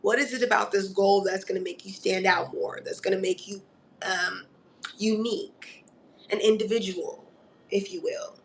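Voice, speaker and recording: A woman talks through an astrology reading in a relaxed, coaching way. She often stops to ask "okay?" and calls the listener honey or darling. Her voice sits at an ordinary middle pitch for a woman. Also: normal speed. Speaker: astrology reader. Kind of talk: casual spoken astrology reading.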